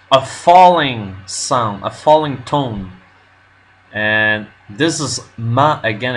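A man working through a language lesson on his own, nervous and unsure of himself, pausing often with fillers. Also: medium pitch, fairly bright tone. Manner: nervous, self-doubting, halting with fillers. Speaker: language learner vlogger. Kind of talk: casual self-recorded lesson commentary.

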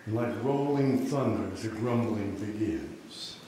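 A man's voice: fairly low pitch, takes it slowly, warm tone, slight background noise. A man preaching a sermon, telling a story with dramatic flair in a large church hall. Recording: echoey hall, mic far off.

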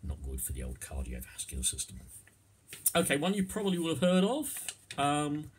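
A man's voice: a little high, huge pitch swings, brisk, slight background noise. A man giving a casual, playful lesson on idioms, now and then slipping into comic voices. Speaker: English teacher.

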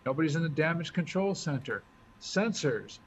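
A man talking through his moves as he explains a board game, thinking out loud in a casual way. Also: fairly high pitch, big pitch swings, normal speed. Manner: chatty, thinks aloud while moving pieces. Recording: dull lo-fi recording with faint hiss.

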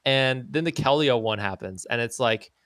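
A young man streaming a game, chatting casually in an excitable, rambling way and slipping into silly voices. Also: medium pitch, moderate pace, dry recording, clean studio sound. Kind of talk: casual gaming stream chat.

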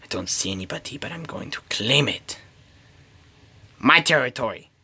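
A man's voice: mid-range voice, animated, moderate pace, pushed and bright, husky. A man giving solo gameplay commentary, talking to himself in a pleading, playful way. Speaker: gamer.

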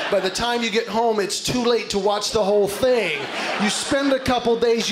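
A man performing a stand-up comedy set on stage, telling animated stories and acting out voices. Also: sits high. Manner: animated storytelling with acted-out voices. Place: stage before a live audience. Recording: live show with loud crowd and noise. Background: audience laughter.

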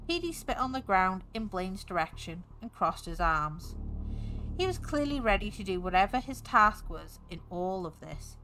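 A woman streamer reading a horror story aloud in an expressive storytelling manner. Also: medium pitch, moderate pace, faint music behind, poor audio.

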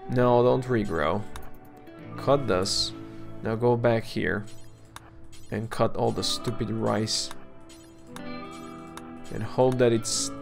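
A man casually commenting on his game, coaxing his colonists, grumbling and swearing at setbacks, and clearing his throat now and then. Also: medium pitch, extremely slow, pauses often, faint music behind. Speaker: let's play gamer.

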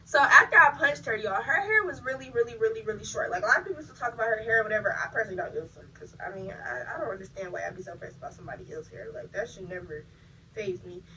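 A young woman tells a story in a high, bright voice at a racing clip, animated and loose with her swearing. She talks straight to her viewers in casual storytime style. Her voice sits a little back from the mic. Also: rapid-fire, gravelly, recorded from a distance, a little hiss or hum, poor audio. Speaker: vlogger. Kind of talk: casual storytime while installing a wig.

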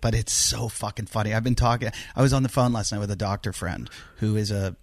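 A man's voice: lowish voice, a little fast, dry recording, clean studio sound. A middle-aged man hosting a casual podcast chat, telling stories with plenty of swearing. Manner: animated storytelling, swears freely. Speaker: podcast host.

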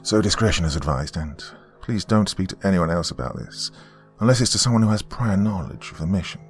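Man voicing a posh British handler, measured, businesslike, deep voice, soft music behind. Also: animated.

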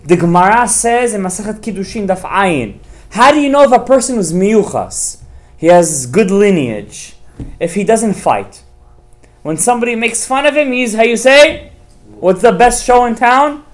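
A rabbi teaching a class for parents in a high, lively voice that climbs and dips all over. He keeps throwing questions at his listeners and mixing Hebrew terms into his English. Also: normal speed. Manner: animated, fires rhetorical questions at listeners; mixes Hebrew terms into talk.

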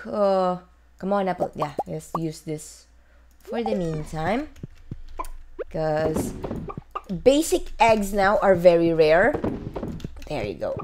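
Slow, lively-voiced woman gaming host. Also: mid-range voice, background noise. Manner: chatty, talks to herself and viewers while playing. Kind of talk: casual let's-play commentary. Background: faint game music.

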